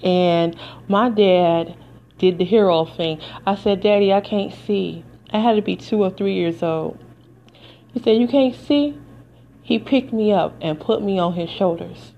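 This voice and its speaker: A woman's voice: on the low side, a little slow, gravelly, dull audio, a little hiss or hum. Tearful, emphatic woman podcaster. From United States. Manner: earnest, preacherly, emphatic. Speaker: podcast host. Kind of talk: emotional personal commentary.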